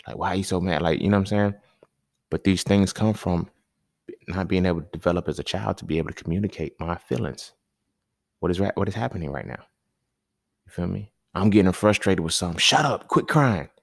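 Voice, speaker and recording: A man hosting a podcast, talking in a loose, slangy, conversational monologue that keeps checking in with the listener, with sudden animated bursts and chuckles. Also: low-pitched, quick pace, creaky, no echo, clean studio sound. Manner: loose, conversational, slangy, often asks "you feel me". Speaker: podcast host. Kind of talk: casual monologue.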